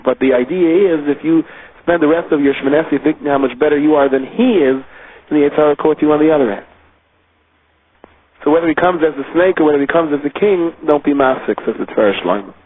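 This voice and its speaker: A man's voice: fairly high pitch, slight background noise. A man, a rabbi, giving a weekly Torah lecture in an explanatory way, drawing out key words, heard over a tinny phone line.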